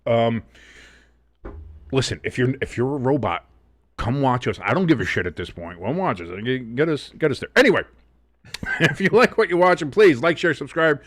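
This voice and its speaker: Male host, casual live sports chat, rambling and profane, pitch all over the place. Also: lively intonation, moderate pace, long pauses, no room sound.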